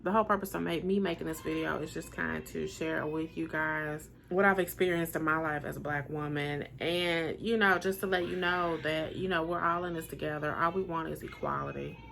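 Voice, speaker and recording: A woman in her forties with a naturally deep voice, talking casually to camera in an earnest, emphatic way and repeating her points for weight. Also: steady tone, a little fast, gravelly, hardly any pauses, a bit bright, slight background noise. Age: 40s. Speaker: vlogger sharing personal experiences.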